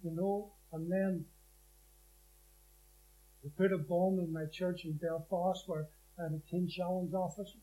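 A man's voice: sits high, little pitch movement, measured pace, pauses often, warm tone, low-quality recording. A man giving his personal testimony as a preacher, telling the story with emphasis and acting out the scripture he quotes.

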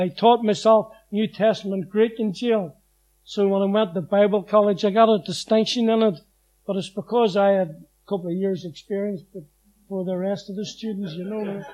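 Male preacher, high voice, emphatic testimony storyteller who acts out the scripture he quotes. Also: mellow, muffled recording. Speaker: preacher giving his testimony. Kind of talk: personal testimony sermon.

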